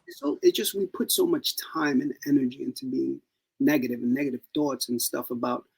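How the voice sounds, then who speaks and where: A man's voice: mid-range voice, fairly quick, gravelly, breathy edge, low-quality recording. A man co-hosting a podcast in casual chat, telling stories and slipping into playful voices. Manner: animated storytelling with playful put-on voices. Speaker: podcast co-host.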